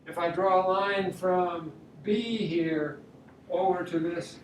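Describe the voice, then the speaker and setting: A man's voice: sits high, slow pace. Art teacher, male, talks his steps aloud mid-sketch; echoey room, distant mic. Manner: thinks aloud step by step while drawing. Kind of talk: drawing demonstration lesson. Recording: roomy echo, mic at a distance, faint room noise.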